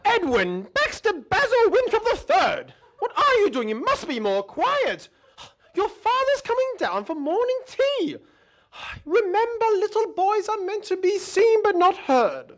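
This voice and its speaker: Woman as prim mum; shrill, animated, scolding. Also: measured pace, heavily acted. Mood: strict. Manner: prim and clipped, scolding then deferential. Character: prim, strict British mother and dutiful wife.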